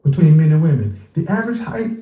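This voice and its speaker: Higher-voiced guy firing off stats in a podcast clip, sounds like a phone line in an echoey room. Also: big pitch swings, quick pace. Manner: pushy, rattling off statistics. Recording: tinny, echoey played-back clip.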